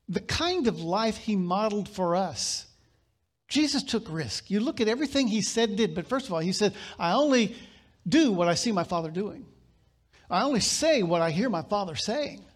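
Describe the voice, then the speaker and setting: High-voiced male pastor preaching. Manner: reads scripture aloud with dramatic pauses and sudden bursts. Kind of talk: sermon.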